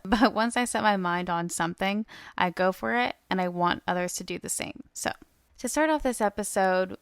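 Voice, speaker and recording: A woman's voice: mid-range voice, fairly quick, smooth, dry recording, clean studio sound. A woman in her twenties hosting a solo podcast, chatty and upbeat with lots of fillers. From United States. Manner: chatty and upbeat, many fillers, laughs often. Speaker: podcast host.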